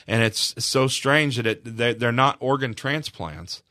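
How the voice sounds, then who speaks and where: An earnest man tells an emotional story in a radio studio, often pushing his voice louder when it matters. The sound is dry and close, with a middle-pitched male voice. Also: lively intonation, a little slow, no room sound. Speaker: charity representative.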